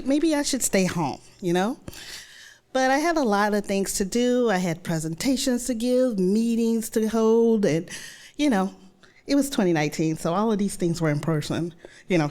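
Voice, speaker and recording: A woman's voice: lowish voice, darkish tone. A woman, telling a personal story live, acting out her own thoughts and others' words with sudden jumps in voice.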